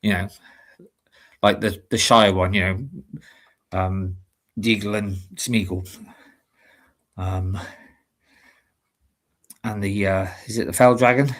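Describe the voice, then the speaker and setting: A man's voice: on the low side, fairly even intonation, slow, long pauses, fairly bright tone. A man from Britain co-hosting a livestream, chatting casually and rambling with lots of fillers. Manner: rambling, hesitant with many fillers. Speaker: livestream co-host. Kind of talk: casual chat.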